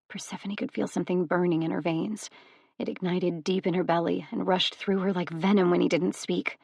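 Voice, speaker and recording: A woman narrating an audiobook in a steady, even storytelling manner. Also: on the low side, moderate pace, vocal fry, no echo. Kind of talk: scripted narration.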